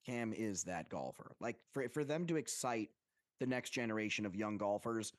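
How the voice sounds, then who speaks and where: A man co-hosting a golf podcast, bantering in an animated, profane way with lots of filler words. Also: fairly low pitch, normal speed, no room sound, studio quality. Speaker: podcast co-host. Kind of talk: casual podcast chat.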